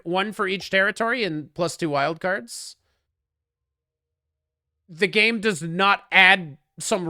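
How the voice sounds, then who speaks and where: A man with a bright, crisp voice talks through a strategy game as he streams it. His commentary is loose and joking, and he answers his chat as he plays. The sound is dry and close on the mic. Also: high voice, no room sound. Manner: chatty, joking, answers chat, gets loud when frustrated.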